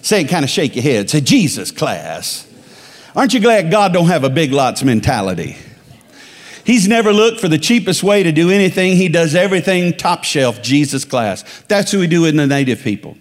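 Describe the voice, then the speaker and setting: A man's voice: a little high, sing-song, a little fast. A man from the Dakotas preaching as a guest speaker, emphatic and calling on the congregation to repeat phrases after him. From Dakotas, United States. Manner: emphatic, calls for congregation responses. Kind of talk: sermon. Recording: long reverb of a large hall.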